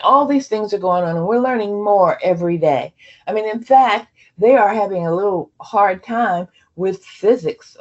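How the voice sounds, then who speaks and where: A woman's voice: medium pitch, dark tone. Woman presenter, chatty, muffled sound. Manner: conversational, many fillers and restarts. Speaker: program leader addressing trainees. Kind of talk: onboarding presentation.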